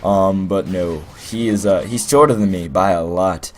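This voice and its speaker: A man's voice: low voice, normal speed, a little hiss or hum. A young man telling a rambling, playful story as casual gameplay commentary, full of fillers. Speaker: gaming commentator.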